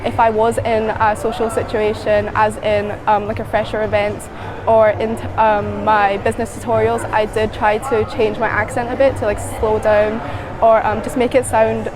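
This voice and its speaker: A Scottish student speaks in a measured way with very flat intonation, her voice a little high. Clear music sits behind her. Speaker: university student.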